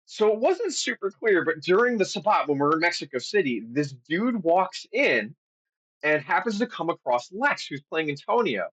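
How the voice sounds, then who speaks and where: A man telling a long game story on a podcast in a lively, casual way, swearing now and then. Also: a little high, normal speed, husky. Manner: animated storyteller, acts out quotes, swears casually. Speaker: podcast co-host. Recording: dull lo-fi audio.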